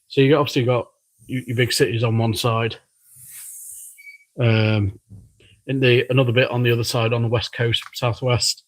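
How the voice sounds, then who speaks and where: A man's voice: mid-range voice, little pitch movement, moderate pace, pauses often, low-quality recording. A British man hosting a live stream from his workshop, chatting and rambling casually as he works. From United Kingdom. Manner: chatty and rambling, thinking aloud. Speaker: livestream host. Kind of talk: casual live-stream chat while working. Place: workshop with a balloon printing machine.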